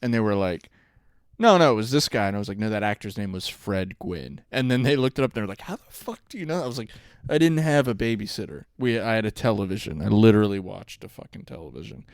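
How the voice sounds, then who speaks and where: A man's voice: fairly low pitch, lively intonation, fast, clear, resonant tone, no echo, clean studio sound. A young man co-hosting a podcast, telling rambling stories in casual chat and laughing often. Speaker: podcast co-host.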